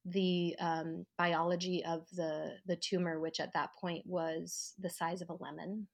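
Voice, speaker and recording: A woman's voice: lowish voice, a little slow, gravelly. Reflective woman telling her story. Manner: reflective, acts out quoted voices with lively rises. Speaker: podcast guest, actor and writer. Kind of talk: personal storytelling in an interview. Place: at home, living room.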